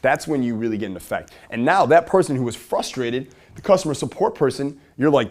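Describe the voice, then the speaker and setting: A man teaching a workshop to a live audience in a room, energetic and asking the audience questions. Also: mid-range voice, quick pace, few pauses. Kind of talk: live seminar talk to an audience.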